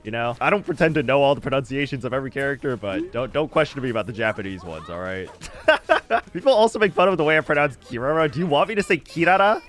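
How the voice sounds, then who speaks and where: Casual streamer, male, mid pitch, chatty and expressive, laughs a lot; soft game music underneath. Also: fast. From United States. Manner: chatty, laughs often, animated reactions. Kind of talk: casual gameplay commentary.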